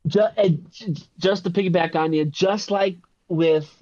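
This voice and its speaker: A man co-hosting a casual film review podcast, talking haltingly, repeating words and laughing often. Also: high-pitched, fairly even intonation, darkish tone, dry recording. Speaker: podcast co-host. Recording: dull lo-fi dry sound.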